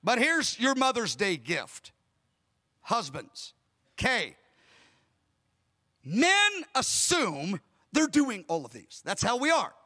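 A man's voice: very high-pitched, wildly swooping pitch, takes it slowly, long pauses, sharp tone. A man preaching a sermon as a pastor, emphatic, acting out dialogue as he tells stories. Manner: emphatic, acts out dialogue in storytelling.

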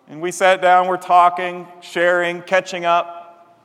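Man, pastor, sermon, higher-pitched voice, animated storytelling, long church reverb. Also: moderate pace. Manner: animated, acts out quoted voices.

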